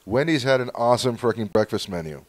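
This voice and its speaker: A man hosting a podcast, chatting casually in a rambling, animated way, cursing and laughing as he tells stories. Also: medium pitch, fast, no room sound. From Southern California. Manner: rambling, animated storytelling, swears, laughs often. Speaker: podcast host. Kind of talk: casual chat.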